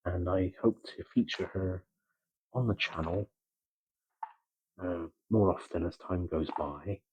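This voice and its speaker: Gloucestershire man, soft-spoken ASMR chat, very low and smooth-toned, halting with many pauses. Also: muffled recording. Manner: soft-spoken, slipping into whispers. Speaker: ASMR creator.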